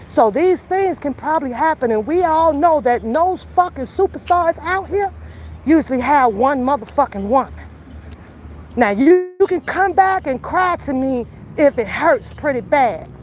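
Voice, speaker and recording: A woman commentator calling someone out to camera in a profane, confrontational rant, taunting and then lecturing. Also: high voice. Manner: slows into calmer lecturing. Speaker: YouTube commentator. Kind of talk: angry call-out rant to camera.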